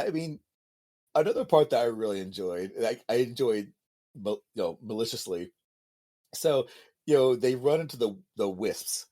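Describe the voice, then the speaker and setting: Man, podcast co-host, casual chat, lively swooping pitch, mocking exasperated rants.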